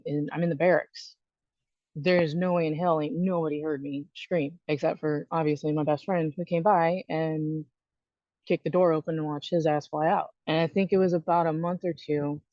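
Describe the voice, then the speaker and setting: A woman's voice: low voice, dark tone, no room sound. Frank woman telling her story, dull lo-fi sound. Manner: frank, conversational, many fillers and restarts. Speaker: podcast guest, Navy veteran. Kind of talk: candid personal storytelling. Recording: dull lo-fi dry recording.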